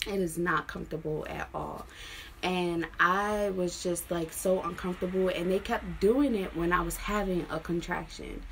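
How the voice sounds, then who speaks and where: A woman's voice: on the low side, moderate pace, vocal fry, a bit bright, a little hiss or hum. A woman in her twenties from Maryland, telling a personal story casually and frankly, with lots of fillers. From Maryland, USA. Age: 20s. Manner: frank, chatty retelling with many fillers. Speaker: vlogger.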